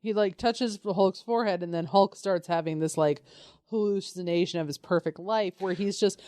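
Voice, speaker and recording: A woman of medium pitch co-hosts a casual podcast, recapping the plot with wry, sarcastic quips. Her voice is recorded dry and close. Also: mellow, dry recording. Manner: wry, sarcastic, quick asides. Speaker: podcast co-host. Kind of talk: casual comedic chat about comics.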